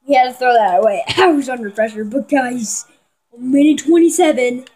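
A woman giving excitable live commentary on a football video game, talking to her viewers and yelling at big plays. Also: high voice, brisk, low-quality recording. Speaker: gamer.

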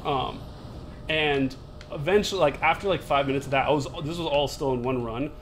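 A young man co-hosting a gaming video, telling stories with lots of swearing and loud laughter. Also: a little high, a little fast, a little hiss or hum. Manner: profane, storytelling, loud laughing outbursts. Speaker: gaming co-host. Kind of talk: casual gaming chat.

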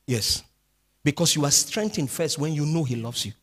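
A man preaching a midweek sermon as pastor, swinging between speech and sung, drawn-out phrases. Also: on the high side, animated, a bit bright. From Nigeria.

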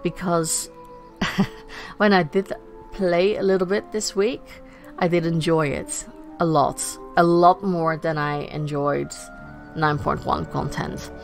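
A woman's voice: low-pitched, steady tone, slow pace, vocal fry, soft background music. Chatty foreign-born woman host. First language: not English. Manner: chatty, laughs often. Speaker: podcast host. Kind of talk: casual podcast chat.

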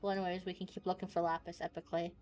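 A woman's voice: lowish voice, level tone, very fast, darkish tone, lo-fi sound, faint music behind. A woman VTuber chatting casually and rambling as she plays a game, squealing and swearing when startled. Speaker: VTuber streamer. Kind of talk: casual gameplay commentary.

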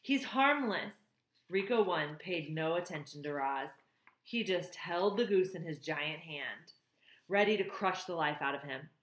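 A woman reading a novel aloud, sometimes pausing to comment on the story. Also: low voice, roomy sound. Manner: pauses to comment on the plot. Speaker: reader.

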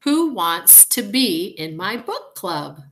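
A woman's voice: mid-range voice, very animated, slow, a bit bright, heavily acted. A woman teacher voicing an eager young girl who calls out to her classmates, reading the lines aloud expressively from a storybook. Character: young girl starting a book club, eager.

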